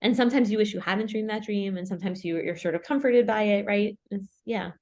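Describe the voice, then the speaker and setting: A woman's voice: medium pitch, brisk, a little mellow. A woman leading a casual Torah study group, chatty and thinking aloud with many "like" and "right?" asides.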